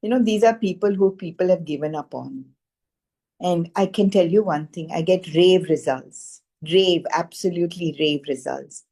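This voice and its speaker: A woman's voice: lowish voice, normal speed, dark tone, slightly rough. A middle-aged woman, telling a personal story in an earnest, emphatic way and repeating phrases for stress. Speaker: spiritual teacher sharing a wellness testimonial. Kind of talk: conversational storytelling.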